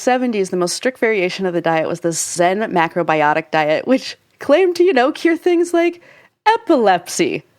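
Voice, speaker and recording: A woman's voice: on the low side, dry recording. Dry-sounding chatty woman podcast host. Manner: chatty, explains at length with frequent "like" fillers and laughs. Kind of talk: casual podcast chat.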